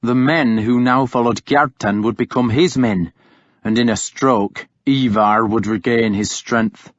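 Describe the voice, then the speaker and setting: A man narrating an audiobook in the first person with a measured, unhurried delivery. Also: medium pitch, no echo. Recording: dull lo-fi audiobook recording.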